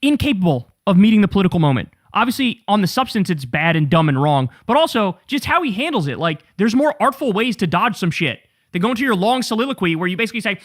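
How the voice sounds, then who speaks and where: A man's voice: high-pitched, sing-song, fast, few pauses, no echo, studio quality. A man hosting an angry political commentary show, ranting with profanity and sarcasm at clips he plays.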